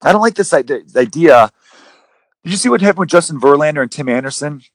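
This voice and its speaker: A man hosting a casual sports podcast, rambling and animated, with some swearing. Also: on the high side, fast, dry recording. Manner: rambling, profane, animated retellings. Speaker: podcast host.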